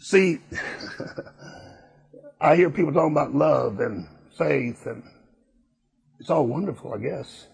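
Male preacher, sermon, gravelly and raspy, higher voice, emphatic folksy delivery. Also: slow pace, long pauses, a little mellow.

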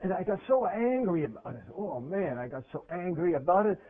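A man preaching a sermon in a conversational way. He asks his listeners questions, and his voice swings from loud to hushed. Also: high-pitched, animated, fairly quick. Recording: tinny phone-like radio recording.

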